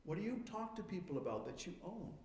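A man preaching a sermon as a pastor, firing questions at his congregation and moving between quiet reflection and emphatic points. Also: high voice, very animated, fast talker, echoey room, a little hiss or hum.

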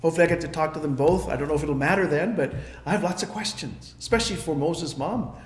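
A man with a high voice delivers a sermon, telling the story in a lively way and slipping into the characters' voices. The sound is roomy, with a clear echo around him. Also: quick pace. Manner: storytelling, acting out the characters' lines. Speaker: preacher.

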